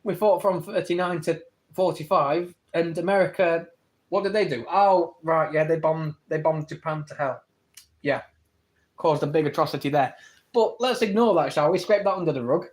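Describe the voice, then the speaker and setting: A man with an English accent on a live stream, arguing his points to viewers and answering their comments. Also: a little high. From England. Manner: argumentative, rapid back-and-forth rebuttals; reads viewer comments aloud and answers them. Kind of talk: live-stream debate with chat.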